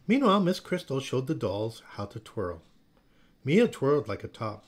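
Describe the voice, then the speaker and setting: A man reading a children's picture book aloud in a slow, expressive storytelling manner. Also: mid-range voice. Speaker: storybook reader.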